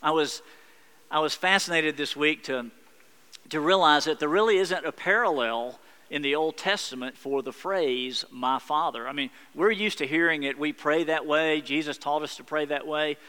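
A male pastor delivers a sermon in an earnest, reflective way, building emphasis through repetition. His voice is slightly high, bright and smooth. The long reverb of a church hall carries it. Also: normal speed.

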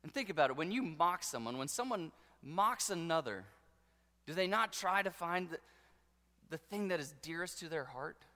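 A man preaching a sermon with passion, dropping to a hush and then rising to loud declarations. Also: a little high, expressive, moderate pace. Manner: impassioned preaching, swinging between hushed and loud. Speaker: pastor. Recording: long hall reverb.

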